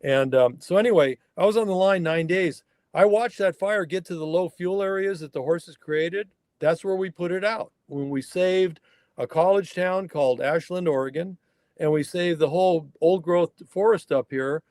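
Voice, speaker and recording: A man's voice: high voice, normal speed, darkish tone, no room sound. Folksy older man, dry close mic. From Northern California mountains. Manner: folksy, emphatic, acts out dialogue in anecdotes. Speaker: guest, wild horse fire researcher. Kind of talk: conversational storytelling interview.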